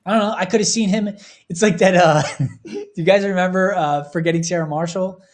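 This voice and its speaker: A man's voice: high-pitched, a little fast. Earnest, heartfelt man on a podcast. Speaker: podcast host. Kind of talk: casual podcast chat.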